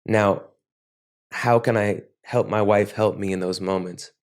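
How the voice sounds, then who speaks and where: A man as an interview guest, speaking reflectively and haltingly with many restarts. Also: on the low side, steady tone. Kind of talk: podcast interview.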